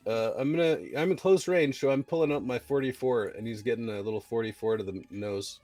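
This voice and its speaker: A man's voice: mid-range voice, a little fast, mellow, faint music behind. A man playing a tabletop game, deliberating his moves in a laid-back way. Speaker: player. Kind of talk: casual tabletop play.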